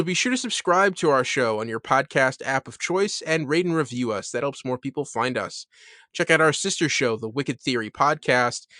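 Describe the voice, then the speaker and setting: A man's voice: mid-range voice, a bit bright, no echo, studio quality. A man co-hosting a casual podcast, hesitant and full of restarts and ums as he talks. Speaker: podcast co-host.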